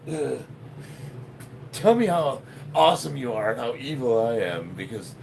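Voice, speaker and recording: Lively, profane man in his fifties. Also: mid-range voice, unhurried, creaky, slight background noise, low-quality recording. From Chicago, United States. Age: 50s. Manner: profane, joking, laughs often. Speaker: powerlifter live-streaming a workout. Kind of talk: casual live-stream chat reading comments.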